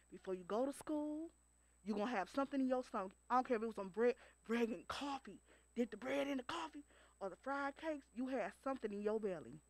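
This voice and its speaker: A woman speaks about her late father at a funeral home, telling family stories in a loose, casual way. Her voice sits a little high. The sound is dry and close. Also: dry recording. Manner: casual, animated storytelling with laughs. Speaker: eulogy speaker, daughter of the deceased. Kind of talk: funeral remembrance speech.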